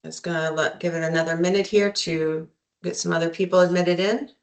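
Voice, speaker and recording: A woman's voice: on the low side, fairly even intonation, a little fast. Woman moderating a webinar. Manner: polite, scripted-sounding welcome with some ums. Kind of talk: webinar introduction. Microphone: video call.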